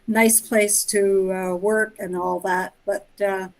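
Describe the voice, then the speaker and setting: A woman in her sixties calling in to a casual chat, speaking in a hesitant, soft-spoken way. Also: medium pitch, level tone, slow, rough recording. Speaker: caller.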